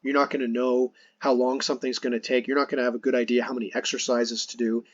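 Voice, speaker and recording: A man's voice: mid-range voice, level tone, fast, no echo, lo-fi sound. A man hosting a podcast, earnestly explaining his points in casual conversation, restarting phrases as he goes. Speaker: podcast host.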